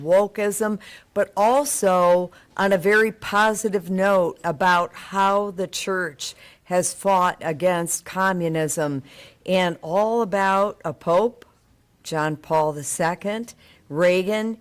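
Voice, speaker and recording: A woman hosting a live event, making measured closing announcements and thanking the guest, members and volunteers. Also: fairly low pitch. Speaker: event host.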